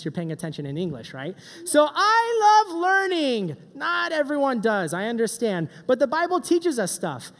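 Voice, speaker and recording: A middle-aged man giving a joking, animated youth sermon as a pastor. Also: high voice. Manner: joking, animated, does silly voices. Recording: long hall reverb.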